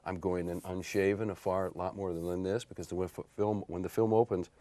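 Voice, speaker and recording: A man in his fifties, an actor and model, telling stories about his career in a relaxed interview, often laughing. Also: low-pitched, brisk, no echo. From Portland area, United States. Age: 50s. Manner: animated storyteller, laughs often. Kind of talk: casual interview chat.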